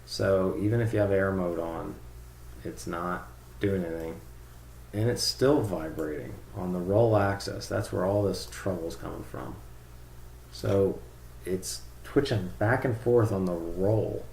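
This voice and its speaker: A man's voice: deep voice, vocal fry, darkish tone, echoey room, slight background noise. A man casually talking through a screen-share tutorial, rambling and thinking aloud with fillers. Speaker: drone tuning reviewer.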